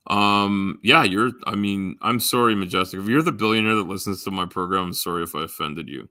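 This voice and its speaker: A man's voice: deep voice, a little fast, few pauses, pushed and bright, no room sound. A man rambling casually to his live stream chat, full of ums, restarts and offhand swearing.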